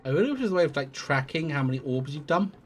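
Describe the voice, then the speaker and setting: A man's voice: a little high, animated, quick pace. A man streaming a game live, thinking aloud in a rambling way and swearing casually as he plays. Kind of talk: live gameplay commentary.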